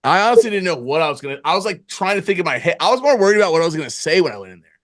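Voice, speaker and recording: A young man co-hosting a podcast, telling a story in casual chat, animated and profane, bursting into loud acted lines. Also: on the high side, rapid-fire, no room sound, clean studio sound. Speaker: podcast co-host.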